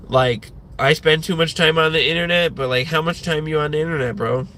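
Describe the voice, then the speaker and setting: Bright-voiced man ranting on a livestream. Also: on the high side, a little fast. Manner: rambling, profane, many fillers. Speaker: livestream host.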